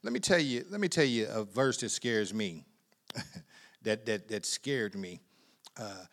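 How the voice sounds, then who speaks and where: A man preaching a sermon in a conversational way, repeating words, laughing often, and swinging from quiet asides to loud emphatic bursts. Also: fairly low pitch, expressive, a little slow, pauses often.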